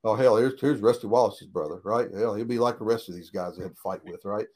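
A man's voice: on the low side, quick pace, darkish tone, a little hiss or hum. A man telling old racing stories in a casual interview, folksy and plain-spoken, swearing freely and tagging "right?" onto his sentences. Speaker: guest, retired race car driver.

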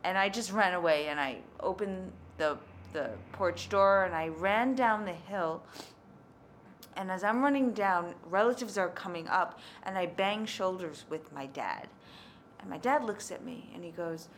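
A woman's voice: on the low side, measured pace, a little hiss or hum. Woman telling a candid personal story. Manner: conversational, candid, lively in quoted speech.

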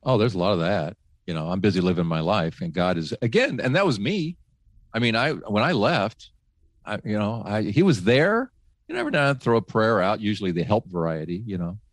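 Low-voiced man telling faith stories. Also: fairly quick, dry recording. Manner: animated, laughing, frequent restarts. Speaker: guest, former radio host. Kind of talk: casual faith storytelling.

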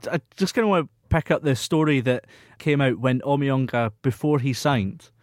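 Male podcast host, mid-pitched, chatty, dry close mic. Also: normal speed, no room sound. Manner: chatty, reads listener questions aloud. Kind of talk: casual football podcast chat.

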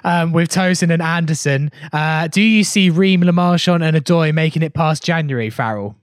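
A man's voice: on the high side, normal speed, dry recording, clean studio sound. Man hosting a chatty podcast. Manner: breezy, jokey, boastful asides. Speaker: podcast host. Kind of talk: casual chat, reading listener questions. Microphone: online podcast call.

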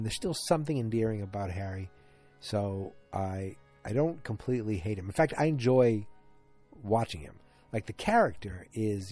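A man's voice: fairly low pitch, mellow. A man giving a casual, rambling recap of a TV episode, with many ums and restarts. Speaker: TV episode reviewer.

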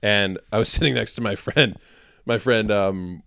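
A man's voice: lowish voice, normal speed, gravelly, sharp tone, no echo, clean studio sound. A young man co-hosting a podcast, telling a story in a laid-back, casual way, laughing often and swearing. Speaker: podcast co-host.

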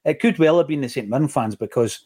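A middle-aged Scottish man hosting a football podcast, chatting in a casual, opinionated way with quick asides. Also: mid-range voice, expressive, a little mellow, breathy edge. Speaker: podcast host.

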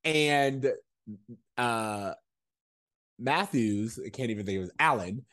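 A man co-hosting a casual podcast, recapping a TV episode and acting out quotes with lively energy. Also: mid-range voice, takes it slowly. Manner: animated, acts out quotes. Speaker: podcast co-host.

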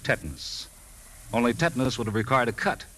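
An actor playing a hearty, brash family friend who handles an estate, talking in a blustery, dismissive way. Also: male voice, medium pitch, lively intonation, fairly quick, a bit bright, a little hiss or hum, close to an everyday voice, rough recording.

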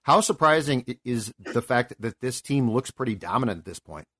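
Man asking halting sports questions. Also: mid-range voice, lively intonation, fairly bright tone. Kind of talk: casual sports chat.

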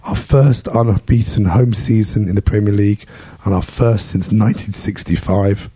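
A man hosting a casual podcast chat, hoarse after losing his voice, with a London English accent, self-deprecating. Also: on the low side, fairly even intonation, moderate pace, mellow. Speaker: podcast host.

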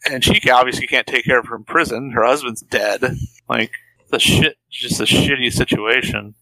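A man co-hosting a podcast weighs in on an old film and the era it came from. His voice has a bright, forceful edge. The sound is close and dry, with no room around it. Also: medium pitch, moderate pace, no room sound, rough recording. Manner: adds context and commentary on the film's era. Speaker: podcast co-host. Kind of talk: casual film-discussion chat.

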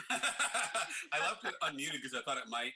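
A young man with a sharp, very bright voice chats wryly with friends, his mouth burning from hot sauce. He explains things at length and laughs often. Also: a little high, sing-song, measured pace, breathy edge. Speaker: podcast co-host. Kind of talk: casual chat with friends.

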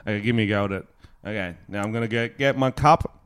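A young man co-hosting a podcast in casual comedic chat, crude, joking and quick to laugh. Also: on the low side, a bit bright, clear, resonant tone, dry recording, studio quality. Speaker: podcast co-host. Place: indoors, in the same room as his co-host.

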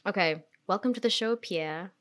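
A woman co-hosting a podcast in a casual comedic chat, with sarcastic, deadpan jokes. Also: medium pitch, moderate pace. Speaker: podcast co-host.

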